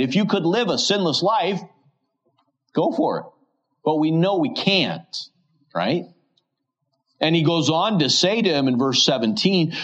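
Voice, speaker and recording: A man preaching an expository sermon, reading scripture slowly and asking his listeners questions. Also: fairly high pitch, fairly bright tone, dull audio. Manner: reads scripture slowly and deliberately, asks rhetorical questions.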